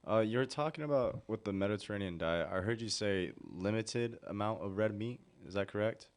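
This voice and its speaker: A man's voice: on the low side, normal speed. A man asking interview questions in a casual way, often saying "like".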